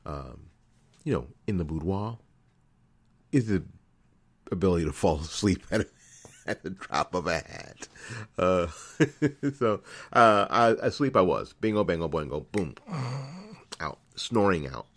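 A middle-aged man with a very low, deep voice talks into a studio microphone. He hosts his own internet radio show and tells a personal story in a loose, casual monologue, often repeating words and restarting sentences. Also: expressive, a little slow, long pauses. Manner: storytelling, repeats phrases, self-corrects.

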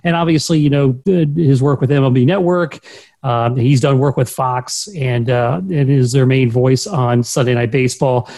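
A man's voice: medium pitch, steady tone, normal speed, darkish tone. A man hosting casual sports talk, chatty as he leads the segments. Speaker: podcast host.

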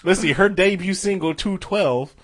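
A man with a bright, forceful voice in an easygoing podcast conversation. He rambles, swears freely and laughs often, pitched a little high. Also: moderate pace. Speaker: podcast co-host. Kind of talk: casual chat.

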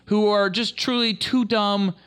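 Young male podcast co-host, crude and jokey, leads the chat; bright tone, a bit high. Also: level tone, measured pace, clear, resonant tone. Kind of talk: casual podcast banter.

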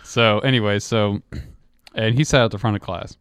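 Low-voiced man telling a rambling story. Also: fairly even intonation, normal speed, fairly bright tone, clean tone, no room sound, studio quality. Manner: rambling, laughs often, many restarts. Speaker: podcast co-host. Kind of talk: casual chat, storytelling.

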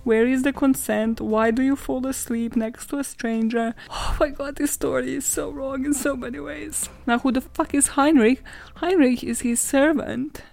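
A woman's voice: sits high, steady tone, normal speed, creaky, darkish tone. A woman hosting a podcast, retelling a fairy tale in a sarcastic, profane, chatty way, laughing often and saying "like" a lot. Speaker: podcast host. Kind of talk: casual comedic storytelling.

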